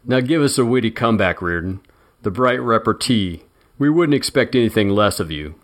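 A man's voice: on the low side, lively intonation, moderate pace, lightly acted. A man voicing a menacing male thug who taunts his captive. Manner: taunting, sneering.

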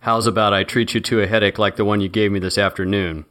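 Man reading as a taunting thug, low voice, sneering, audiobook. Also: fairly even intonation, fast, fairly bright tone, lightly acted. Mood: menacing. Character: menacing male thug with a gun.

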